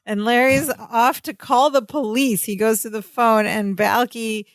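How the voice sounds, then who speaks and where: A woman co-hosting a casual podcast, chatting through sitcom plots in a relaxed way. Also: fairly high pitch, measured pace, no room sound, studio quality. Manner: recaps plot in a relaxed, chatty way. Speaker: podcast co-host. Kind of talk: casual rewatch podcast chat.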